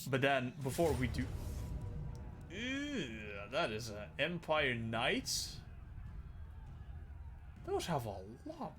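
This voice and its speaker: Excitable man casually narrating his gameplay. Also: mid-range voice, slow, pauses often. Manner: excitable, swears freely, thinks aloud. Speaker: gaming streamer. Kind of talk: casual let's-play commentary.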